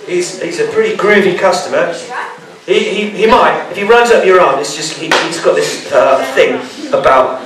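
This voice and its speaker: Over crowd noise in an echoey school hall, a man with a high voice presents a live bug show at a moderate pace. He banters playfully like a showman, and the mic is positioned far from him.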